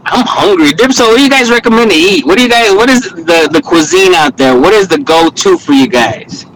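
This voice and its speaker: A man bantering loudly with friends in a casual group chat, quick to exclaim. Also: high-pitched, animated, recorded from a distance, low-quality recording. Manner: loud, joking, quick to exclaim.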